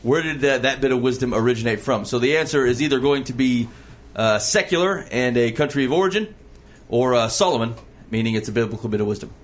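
A man's voice: medium pitch, expressive. A man hosting a quiz segment on a podcast, joking and punning between questions. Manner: jokey, quick asides, laughs at own puns. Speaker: quiz host. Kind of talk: playful radio quiz banter.

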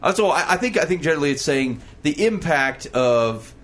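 A man's voice: fairly high pitch, lively intonation, a bit bright. A man hosting a quiz segment on a podcast, joking and punning between questions. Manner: jokey, quick asides, laughs at own puns. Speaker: quiz host. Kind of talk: playful radio quiz banter.

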